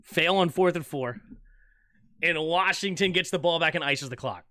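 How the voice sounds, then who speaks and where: A man's voice: a little high, no room sound, clean studio sound. A young man streaming live fan play-by-play of an American football game, calling each snap and chatting with his viewers. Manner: animated, fast shifts between calling plays and chatting.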